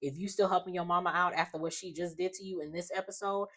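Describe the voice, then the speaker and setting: Low-voiced woman casually recapping a soap. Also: fairly even intonation, quick pace, a bit bright. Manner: chatty, acts out the characters' lines in quotes. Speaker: soap opera recap host.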